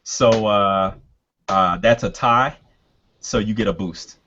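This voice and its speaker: Game master, male, lowish voice, halting delivery, dull lo-fi recording. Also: fairly bright tone. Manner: hesitant, many fillers. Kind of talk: narrating a tabletop game.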